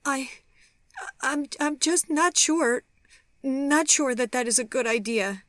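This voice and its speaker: A woman voicing an older grandmother who is crying, speaking in halting, breathy, often whispered lines. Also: lowish voice, fairly even intonation, no echo, studio quality, pitched above the performer's own voice. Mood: tearful. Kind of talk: audiobook character voice.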